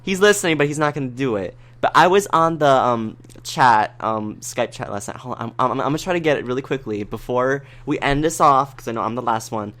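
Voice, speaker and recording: A man co-hosting a casual gaming podcast, excitable and prone to loud, high-pitched rants. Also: a little fast, hardly any pauses. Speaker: podcast co-host.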